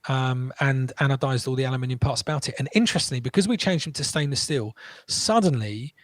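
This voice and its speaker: Animated man telling stories. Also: medium pitch, dry recording. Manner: animated, quick restarts, acts out quotes. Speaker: guest entrepreneur. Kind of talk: casual interview storytelling.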